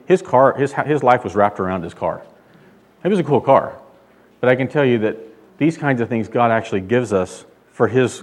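Male pastor, emphatic sermon delivery, mid-pitched voice, swells in volume on key lines. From California. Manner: emphatic preaching, loud when quoting God.

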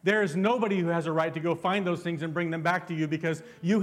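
Fervent male pastor, slightly high voice. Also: steady tone, quick pace. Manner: fervent, keeps asking the congregation questions. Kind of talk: sermon.

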